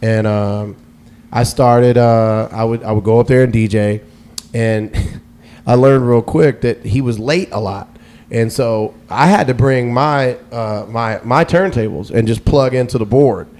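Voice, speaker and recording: A man's voice: mid-range voice, a little slow, darkish tone. A man, a radio DJ guest, telling stories in a loose, rambling way on a casual podcast, full of fillers and restarts that liven up as the anecdotes pick up.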